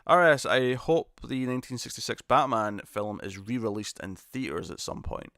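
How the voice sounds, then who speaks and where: A man's voice: mid-range voice, normal speed, fairly bright tone, no room sound, studio quality. Chatty man hosting a live stream. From United Kingdom. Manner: chatty, self-deprecating, laughs often. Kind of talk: casual live chat reading viewer comments.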